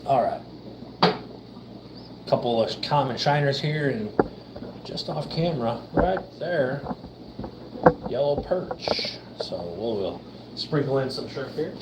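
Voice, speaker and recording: A man's voice: medium pitch, lively intonation, slow, pauses often, heavy background noise. A middle-aged man hosting a casual livestream, chatting in a laid-back way and talking to his fish. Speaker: livestream host. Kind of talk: casual live-stream chat. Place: fish room with aquarium tanks.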